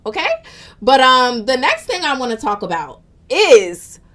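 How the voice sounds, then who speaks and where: A woman's voice: sits high, big pitch swings, measured pace, a bit bright. A young woman ranting in a casual vlog, emotional and frustrated as she talks to her followers. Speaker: social media commentator.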